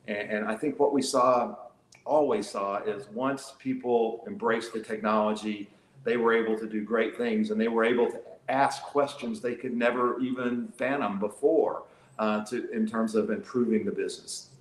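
A man with a low voice gives business advice in an earnest, conversational tone. He often repeats words and trails off. The room adds a noticeable echo. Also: fairly even intonation, moderate pace. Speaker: co-host and business consultant. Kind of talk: casual conversational talk. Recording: echoey room sound.

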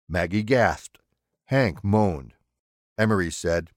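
Delivering scripted narration, this low-voiced man tells the story slowly, measured yet expressive, like an audiobook reader. It's recorded cleanly in a studio, free of echo.

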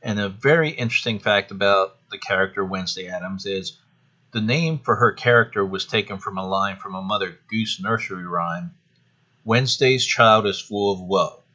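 A man's voice: low voice, fairly quick, pushed and bright, muffled recording. A man hosting a casual solo podcast, chatty and rambling with a self-deprecating touch. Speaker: podcast host.

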